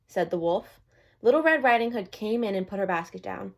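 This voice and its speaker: A woman reading a children's storybook aloud in a friendly, expressive way. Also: medium pitch, fairly quick.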